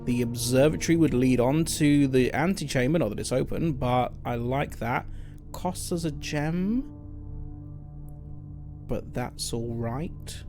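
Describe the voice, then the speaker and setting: A man's voice: medium pitch, measured pace, darkish tone, soft background music. A man streaming a video game, thinking aloud in casual, muttered commentary.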